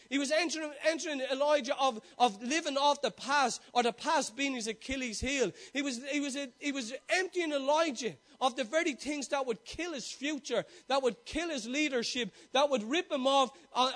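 A man's voice: very high voice, moderate pace, hardly any pauses, a bit bright. A male preacher delivering a sermon, full of rhetorical questions, repeated call-and-answer and stumbling restarts.

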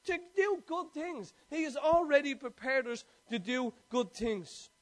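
A man's voice: extremely high pitch, animated, a little slow. A man preaching a sermon, telling a personal story in a conversational way and quoting scripture.

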